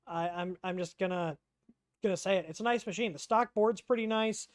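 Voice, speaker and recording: A man's voice: sits high, brisk, no echo, studio quality. A man hosting a casual livestream Q&A, rambling and chatty, reading out chat questions with lots of ums.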